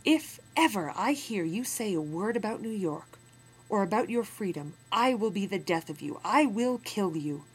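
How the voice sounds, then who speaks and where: A woman's voice: medium pitch, animated, moderate pace, breathy edge, pitched above the performer's own voice, low-quality recording. Woman reading a menacing male slave dealer.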